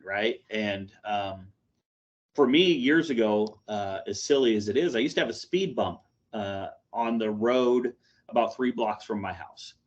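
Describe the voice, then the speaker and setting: Man, 40s, corrections officer; low voice, candid, plainspoken, halting delivery; dull lo-fi video call audio. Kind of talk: personal story shared in a peer support meeting.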